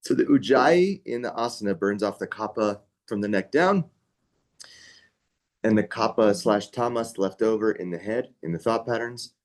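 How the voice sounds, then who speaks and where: A man's voice: lowish voice, normal speed. A young man teaching a yoga training class in a casual, conversational way, full of asides and checks with his listeners.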